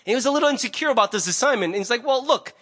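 A man, a pastor, preaching a sermon in a conversational, animated way. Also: very high voice, rapid-fire, husky.

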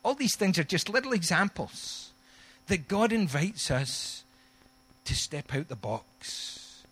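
A man's voice: high voice, slow, slightly rough. A man with a Scottish accent preaching a sermon, telling stories and acting out the people in them. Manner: animated storytelling, acts out quoted voices. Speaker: pastor.

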